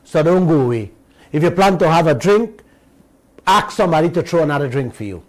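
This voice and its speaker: Over rough audio, a middle-aged radio host speaks in a slightly high, a little mellow voice with lively intonation. Addressing listeners as uncle and auntie, he gives emphatic political commentary with drawn-out words.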